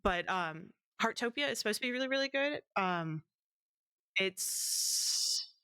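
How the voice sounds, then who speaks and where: A woman's voice: fairly high pitch, lively intonation, brisk, sharp tone, clean tone, no echo. A woman streaming games, chatting casually and rambling with lots of ums and small laughs. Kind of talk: casual stream wrap-up chat.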